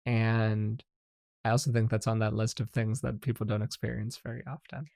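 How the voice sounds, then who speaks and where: A man's voice: normal speed, creaky, no room sound, clean studio sound. A man hosting a podcast, chatting casually and now and then acting out both sides of a conversation. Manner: animated, acts out dialogue in high put-on voices. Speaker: podcast host.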